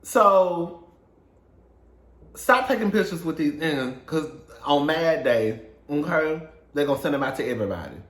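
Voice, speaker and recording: Give me a sassy, animated man dishing gossip and cursing, recorded in an echoey room. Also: fairly high pitch, normal speed. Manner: sassy, swearing, laughing often, calls listeners girl and honey. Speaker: gossip commentator. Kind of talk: casual celebrity gossip monologue.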